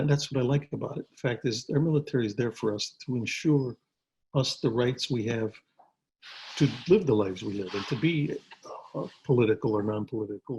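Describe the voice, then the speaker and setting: An older man, an actor, telling stories in a relaxed interview from his home over a video call, with frequent restarts and repeated words. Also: lowish voice, vocal fry, breathy edge, highs cut off. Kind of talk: casual storytelling interview.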